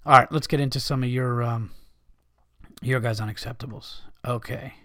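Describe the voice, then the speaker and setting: Male comedian host, heated profane monologue, mid-pitched voice, dry close sound. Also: fairly even intonation, normal speed, fairly bright tone, no room sound. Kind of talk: casual podcast monologue.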